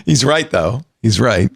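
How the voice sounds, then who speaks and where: A man hosting a casual panel chat with an animated, cheery radio-style delivery. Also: medium pitch, vocal fry, husky, no echo, clean studio sound. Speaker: podcast host.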